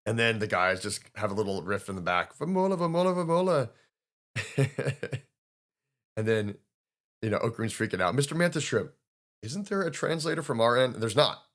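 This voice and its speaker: A man hosting a podcast, casually recapping a manga chapter, excitable and quick to laugh, acting out the characters' lines in playful voices. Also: lowish voice. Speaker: podcast host.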